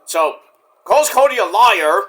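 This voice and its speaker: A man casually recapping a wrestling show, swearing freely and acting out the wrestlers' lines in loud put-on voices. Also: high-pitched, lively intonation, slow. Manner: profane, acts out quotes in big shouted voices.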